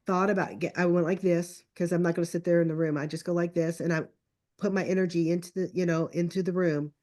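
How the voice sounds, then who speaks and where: A middle-aged woman telling a family story in casual conversation, chatty and animated, acting out the lines of her relatives. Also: on the low side, fast. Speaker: guest. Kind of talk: casual storytelling on a podcast call.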